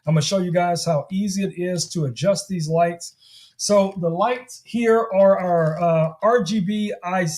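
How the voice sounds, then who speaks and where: Chatty high-voiced tech host. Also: male voice. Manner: chatty, salesy, talks straight to viewers. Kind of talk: casual product demo livestream.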